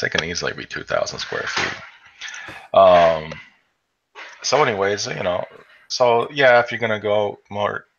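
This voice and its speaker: Man, deep and gravelly, rambling co-host on a noisy lo-fi line. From Chicago area, US. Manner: rambling, many fillers and restarts. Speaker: stream co-host. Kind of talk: casual chat. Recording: dull lo-fi with steady noise.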